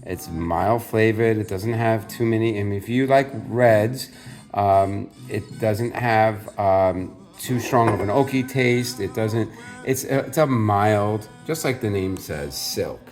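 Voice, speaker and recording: A man's voice: lowish voice, slow, a little mellow, soft background music. A man hosting a casual home cooking video, chatty and jokey, playfully insisting on Italian pronunciations.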